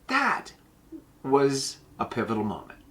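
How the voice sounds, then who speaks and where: A man host telling a personal story in a casual, blunt way, swearing freely and slowing down to stress his points. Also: mid-range voice, huge pitch swings, pushed and bright. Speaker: podcast host.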